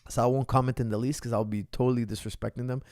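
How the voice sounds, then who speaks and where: A man's voice: mid-range voice, steady tone, rapid-fire, a little mellow, no echo, clean studio sound. A man in his forties, a martial arts coach, answering viewer questions in an emphatic way and often checking in with "okay?". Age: 40s.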